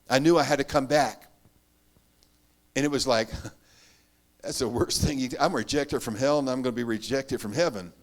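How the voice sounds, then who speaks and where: A man preaches his testimony in a fairly high voice. He tells it earnestly, swinging between loud emphatic bursts and quiet, hushed asides. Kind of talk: sermon testimony.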